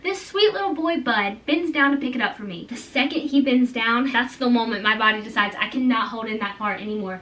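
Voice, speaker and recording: A woman in her twenties telling funny childhood stories to her vlog audience in a casual, animated, self-mocking way. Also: a little high, distant mic, slight background noise, poor audio. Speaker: storytime vlogger. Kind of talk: casual storytelling.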